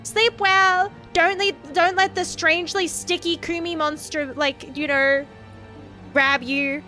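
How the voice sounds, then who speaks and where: Giggly, sweary high-voiced woman streamer. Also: little pitch movement, unhurried, bright, forceful tone, soft background music. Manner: giggly and sweary, chats with viewers between lines. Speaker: vtuber streamer. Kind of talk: casual reading of horror stories on a stream.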